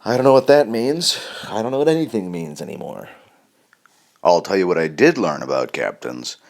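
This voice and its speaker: A middle-aged man rambles through a comic monologue in a deadpan, wandering way. His pitch jumps around a lot, swinging from low mutters to sudden loud mock-shouted lines. The talk is loose and unscripted. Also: normal speed, gravelly. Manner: deadpan, meandering, bursts into loud mock-shouted line readings. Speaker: comedian, podcast host.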